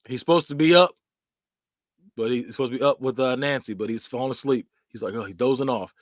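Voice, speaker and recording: A podcast host casually recaps horror movie scenes, animatedly acting out bits with quick sound effects and laughing along. His mid-range voice comes through a dry, clean studio recording.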